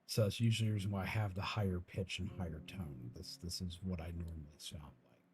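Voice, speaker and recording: A man streaming a game in his natural voice, soft, low and slow, one that people call spooky, with a calm, hesitant way of talking. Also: crowd noise. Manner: calm, slow and hesitant, with many restarts and small laughs. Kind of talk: casual chat while gaming.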